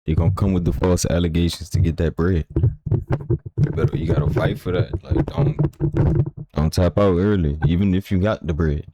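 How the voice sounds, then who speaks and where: A man's voice: deep voice, fairly even intonation, normal speed, noisy background. A man livestreaming, chatting in a loose, slangy way. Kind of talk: casual stream chat.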